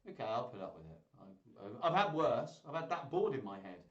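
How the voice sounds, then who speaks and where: Lively kids' entertainer man. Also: mid-range voice, moderate pace, reverberant, lo-fi sound. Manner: chatty, animated and playful. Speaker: children's entertainer. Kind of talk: live-streamed kids' singalong chat.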